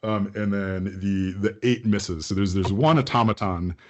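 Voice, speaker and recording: A man's voice: fairly low pitch, moderate pace, darkish tone, muffled recording. A man running a tabletop game as game master, describing scenes loosely with many fillers.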